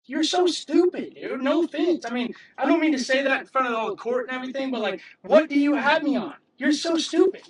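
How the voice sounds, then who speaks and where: High-voiced agitated man. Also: lively intonation, fast, few pauses, rough recording. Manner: agitated, mocking, repeats denials. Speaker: arrested driver. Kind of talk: heated argument. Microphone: police camera.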